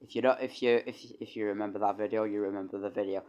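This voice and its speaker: Rambling young streamer. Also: male voice, on the low side, fairly even intonation, fast, darkish tone. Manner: rambling, stammering restarts, swears casually. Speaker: streamer and composer. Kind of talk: casual livestream chat.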